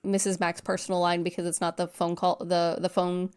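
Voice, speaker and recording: A woman co-hosting a podcast, recapping a film in casual chat, animated and profane, acting out the characters. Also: fairly low pitch, fairly quick, clean tone. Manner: animated, swears a lot, acts out characters. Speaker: podcast co-host.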